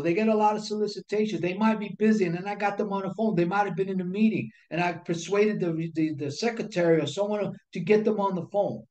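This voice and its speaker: A man's voice: sits high, darkish tone. A man teaching sales technique in an instructional talk to camera. He speaks emphatically, repeats his key phrases and asks rhetorical questions. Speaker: sales coach. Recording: echoey room.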